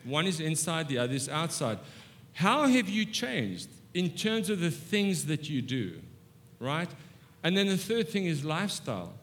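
Animated, self-mocking man preaching. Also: a little slow. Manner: animated and self-mocking, swings between soft asides and excited high bursts. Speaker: guest preacher. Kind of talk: humorous sermon with storytelling. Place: church sanctuary.

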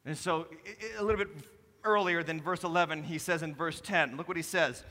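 Man, lead pastor, sermon, lively and playful delivery, bright tone, echoing hall. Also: on the high side, a little fast. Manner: animated, jokey preaching with sudden shouts and drops to soft tones. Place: church sanctuary. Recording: preached in a hall with long reverb.

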